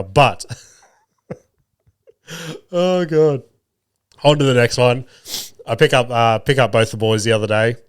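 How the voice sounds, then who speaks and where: A man's voice: medium pitch, clear, resonant tone, no echo, studio quality. A man in his thirties with an Australian accent hosting a podcast, telling crude, swearing stories about his kids and laughing at them. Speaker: podcast host. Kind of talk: casual storytelling.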